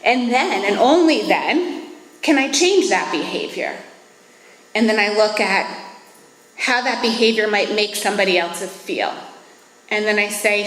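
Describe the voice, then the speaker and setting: A woman's voice: mid-range voice, expressive, unhurried, long pauses, fairly bright tone. A woman in her thirties giving an earnest, reflective talk at a recovery meeting. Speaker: AA speaker. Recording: echoey hall.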